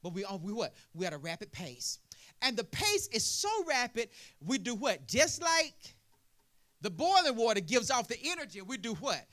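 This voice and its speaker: Preacher guy, high voice swinging all over, keeps asking what? and answering it himself. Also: very animated, normal speed. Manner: call-and-response preaching, asks "what?" and answers it; builds from quiet explaining to loud preaching. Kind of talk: sermon.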